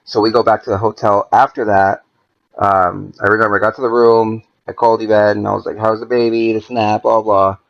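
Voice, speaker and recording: A man's voice: fairly low pitch, brisk, creaky, highs cut off. A man, a podcast guest, telling a story in a casual, profane way and acting out the dialogue as he goes. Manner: profane, animated, acts out quoted dialogue.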